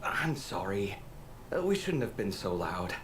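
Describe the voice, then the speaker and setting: A man's voice: fairly low pitch, very animated, measured pace, background noise. An actor voicing a dramatic, fussy young man in game dialogue, polite one moment and petulant the next. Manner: polite, then petulant and sulky. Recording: game audio under music.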